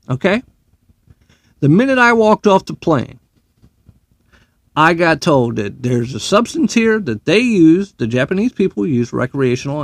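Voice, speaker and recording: A military veteran tells a story in a blunt, casual way, stopping to restart and cursing now and then. His voice sits a bit high for a man and swings up and down with plenty of life. The sound is dry and close, with no room around it. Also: vocal fry, no echo. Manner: blunt, conversational, with restarts and mild swearing.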